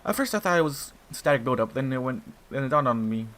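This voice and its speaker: A man's voice: mid-range voice, lively intonation, fast talker, fairly bright tone, slight background noise. A man reading a fan fiction story aloud in a casual way, stumbling and restarting, and breaking off to swear in asides. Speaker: narrator.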